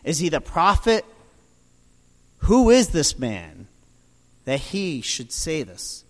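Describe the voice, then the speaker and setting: A man preaching a sermon, building dramatically from quiet storytelling to loud proclamations. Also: fairly high pitch, sing-song, slow, long reverb tail.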